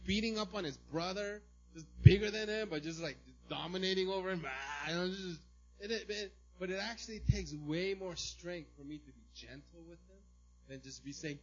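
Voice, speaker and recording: Conversational pastor preaching a sermon, dull recording. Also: male voice, a little high. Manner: conversational, asks "right?" often, bursts into loud mimicry.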